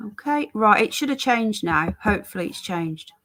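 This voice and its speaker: An English woman from England chats casually on a live stream in a medium-pitched, animated, slightly bright voice at normal speed. She greets viewers by name while fiddling with her stream settings.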